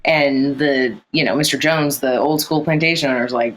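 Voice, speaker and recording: Co-writer voice, mid pitch, animated scene retelling, faint background hiss. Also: normal speed, few pauses, poor audio. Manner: animated storyteller, acts out dialogue. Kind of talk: casual conversation about a film script.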